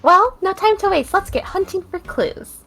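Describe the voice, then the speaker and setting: A woman's voice: very high voice, animated, normal speed, vocal fry, a bit bright, soft background music, pitched above the performer's own voice, heavily acted. A teenage woman voicing a perky, eager young female assistant in a chirpy tone.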